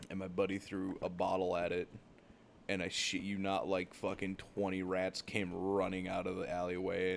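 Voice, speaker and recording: A man's voice: low-pitched, vocal fry, slight background noise. A young man from the United States, hosting a gaming channel, tells rambling, profane travel stories full of "like" fillers. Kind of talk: casual storytelling while gaming.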